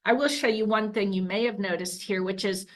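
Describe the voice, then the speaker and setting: A woman's voice: medium pitch, steady tone, fairly quick, rough recording. A woman researcher explaining her early literacy work in an earnest, careful way, often correcting herself mid-phrase. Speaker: education researcher. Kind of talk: explanatory talk.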